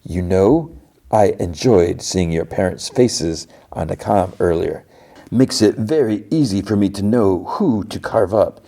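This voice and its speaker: A man's voice: sits low, lively intonation, unhurried, vocal fry, mellow, heavily acted. A man voicing a cruel, sneering male space pirate who threatens a group of children. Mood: menacing. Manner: mocking, threatening, talks down to kids.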